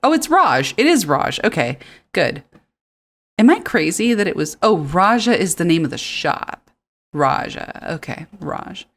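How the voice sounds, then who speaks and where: A woman's voice: on the low side, sing-song, a little slow. A woman streamer chatting casually while playing a farming game, giggling and thinking aloud. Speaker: gaming streamer. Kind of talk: casual let's play commentary.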